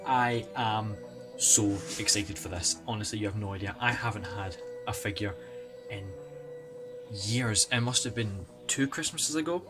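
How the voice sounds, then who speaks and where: A man with an excitable, chatty manner and self-mocking asides, giving casual unboxing commentary as a toy collector vlogger. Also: on the low side, unhurried. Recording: music playing underneath. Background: background music.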